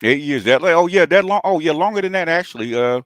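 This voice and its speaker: A man's voice: on the high side, animated, quick pace, a bit bright, no room sound. A man, hosting a channel and delivering a combative, taunting call-out rant, often tossing in "okay?". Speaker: commentary channel host.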